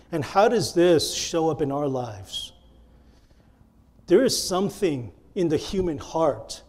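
A man's voice: high-pitched, mellow. A male pastor preaching a sermon and acting out the lines he quotes with earnest emphasis.

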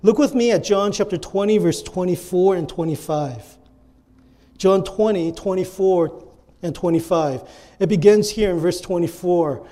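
A pastor preaching a sermon with earnest delivery, addressing the congregation and repeating key phrases for emphasis. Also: male voice, high-pitched, normal speed, mellow.

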